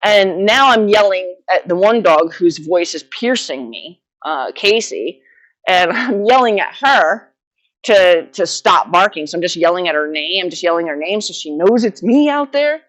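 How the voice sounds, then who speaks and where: A woman's voice: on the low side, lively intonation, unhurried. A middle-aged woman vlogging casually, telling a rambling, self-deprecating story about her horse farm with frequent laughs.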